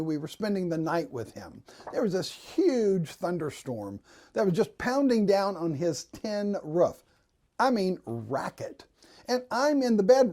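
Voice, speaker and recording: A man giving a devotional talk, telling a folksy, gently humorous story. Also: high voice.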